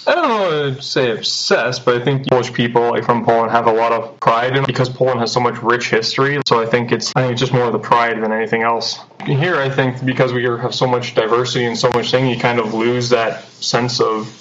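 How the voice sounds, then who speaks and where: A man's voice: mid-range voice, a little fast, few pauses, fairly bright tone. Young guy, laid-back and chatty, keeps laughing, a bit muffled recording. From Canada. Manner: chatty, laughs often, acts out quotes. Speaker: interview guest. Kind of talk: casual interview chat. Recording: dull lo-fi recording.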